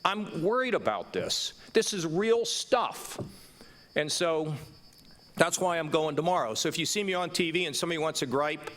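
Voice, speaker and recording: A man's voice: fairly high pitch, animated, a little fast, a bit bright. A man in his sixties speaking passionately in an onstage conversation, emphatic and stumbling over repeated words. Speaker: governor. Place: stage before a live audience.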